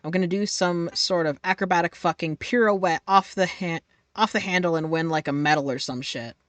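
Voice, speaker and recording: Young woman streamer, lower voice, cussing and reading game lines, dead dry sound. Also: fairly quick, no echo. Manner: profane and playful, reading dialogue with laughs. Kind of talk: live-stream gaming commentary, reading game text aloud.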